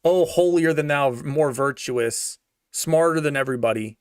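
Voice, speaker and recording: A man's voice: a little high, normal speed, smooth, dry recording, clean studio sound. A young man giving a sarcastic, slangy rant of a movie review, repeating himself for emphasis. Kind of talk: ranting casual movie review.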